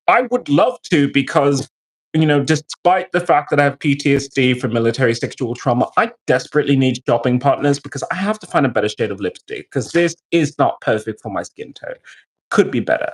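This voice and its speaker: A man's voice: medium pitch, fairly quick, breathy edge. A man who is a military veteran, telling stories and ranting profanely to his live-stream chat. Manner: profane, animated storytelling.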